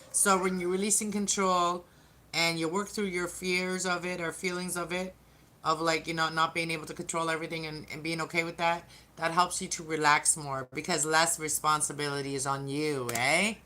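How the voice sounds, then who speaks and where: Chatty low-voiced tarot reader woman. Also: sharp tone. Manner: chatty, greets viewers, trails off and restarts. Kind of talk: casual live-stream tarot reading.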